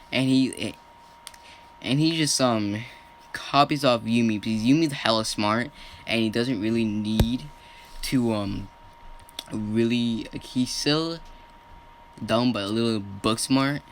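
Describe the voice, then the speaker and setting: A man's voice: mid-range voice, a little hiss or hum. A man casually retelling a fan story off the cuff, rambling and often correcting himself as he goes.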